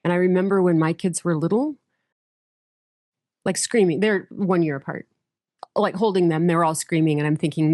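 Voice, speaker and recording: A middle-aged woman pastor, a guest on a podcast, telling stories in a lively way and acting out the voices of people in them. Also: fairly low pitch, a little fast, long pauses, no room sound, clean studio sound. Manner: lively storyteller, acts out quoted voices. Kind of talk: casual storytelling interview.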